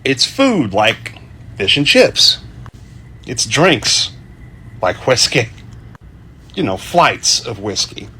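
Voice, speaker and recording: A man's voice: mid-range voice, sing-song, slow, pauses often, sharp tone, a little hiss or hum. A man narrating his travel vlog in an upbeat, conversational, scripted way. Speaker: travel vlogger.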